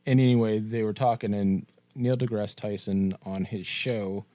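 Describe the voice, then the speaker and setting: A man's voice: on the low side, fairly even intonation, moderate pace, dark tone, no echo. A man co-hosting a casual podcast chat, laid-back and blunt, with casual swearing. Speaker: podcast co-host.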